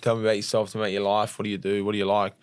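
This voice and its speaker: Fast-talking Australian young man. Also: lowish voice, clean tone, no echo. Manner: rapid, animated storytelling with acted-out quotes and swearing. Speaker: podcast guest, martial arts fighter. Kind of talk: casual storytelling interview.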